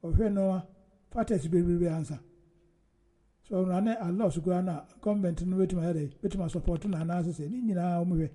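A man's voice: high voice, a little fast, dark tone. A man hosting casual political commentary, rambling and emphatic, with frequent laughter.

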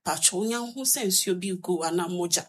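Ghanaian female presenter, low-pitched voice, direct and pressing on radio. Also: lively intonation, fast, husky. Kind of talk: radio talk.

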